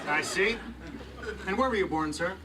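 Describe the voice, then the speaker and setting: A man playing a brisk, polite border guard who asks short questions. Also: high voice, animated, crowd noise. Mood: curt. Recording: noisy television audio.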